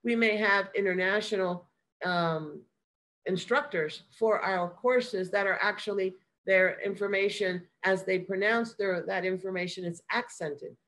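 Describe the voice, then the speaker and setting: A woman giving a measured, explanatory academic lecture as a guest lecturer. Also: medium pitch, a bit bright, low-quality recording. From United States.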